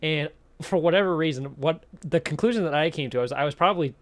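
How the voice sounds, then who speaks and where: A man's voice: a little high, fast talker. A young man co-hosting a casual podcast, talking in a laid-back way, laughing often and swearing. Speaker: podcast co-host. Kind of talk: casual chat.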